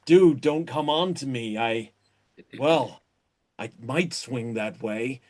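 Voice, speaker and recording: A man's voice: medium pitch, slow, pitched below the performer's own voice, lightly acted. A man putting on a breezy, drawling surfer-dude angel in an improvised movie remake. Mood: laid-back.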